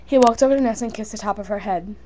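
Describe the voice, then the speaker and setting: A woman's voice: mid-range voice, fast, warm tone, slight background noise. A young woman reading her own story aloud in a casual, unpolished way, with fillers and small slips. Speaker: fan fiction reader.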